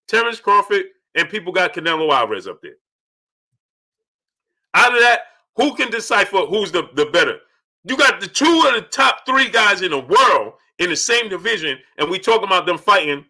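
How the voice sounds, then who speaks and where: A man hosting a boxing talk livestream, giving animated commentary and giving shout-outs to viewers in the chat. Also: high voice. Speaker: boxing talk show host. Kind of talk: livestream commentary reading out super chats.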